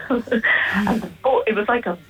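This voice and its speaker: A woman guest on a radio interview, speaking in a halting, emotional and reflective way about personal loss. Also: a little high, fairly even intonation, sharp tone, husky, recorded from a distance, low-quality recording.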